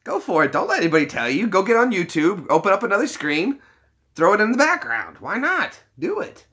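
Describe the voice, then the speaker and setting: A man rambles through a casual live-stream chat, his voice bright and forward. He circles through fillers and restarts, teasing himself and laughing often as he talks to his viewers. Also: high-pitched, wildly swooping pitch, brisk. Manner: joking, self-deprecating, laughs often.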